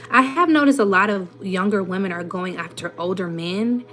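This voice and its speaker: A woman's voice: mid-range voice, normal speed, a bit bright, faint music behind. A woman in her twenties with a Southern US accent, chatting casually as a host who reads comments aloud and answers them in a blunt, sassy way. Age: 20s. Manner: blunt, sassy, rhetorical questions. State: runny nose. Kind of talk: casual livestream chat.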